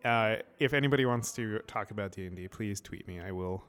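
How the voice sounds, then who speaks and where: A man's voice: fairly low pitch, brisk, fairly bright tone, clear, resonant tone. A man hosting a podcast in a studio, chatting easily and asking reflective questions. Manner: easygoing, asks reflective questions. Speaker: podcast host. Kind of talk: casual chat.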